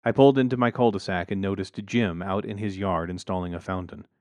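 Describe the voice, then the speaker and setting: A man's voice: low voice, steady tone, a little fast, a little mellow, no echo. A man narrating a first-person story in a dry, wry way on a close mic.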